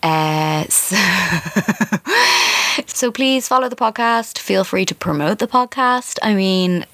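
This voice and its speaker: A woman's voice: on the high side, big pitch swings, slow, sharp tone, no room sound. A woman in her thirties with an Irish accent, hosting a casual solo podcast in a chatty, self-mocking way. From Ireland. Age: 30s. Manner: chatty and self-mocking, with many fillers and asides. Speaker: podcast host.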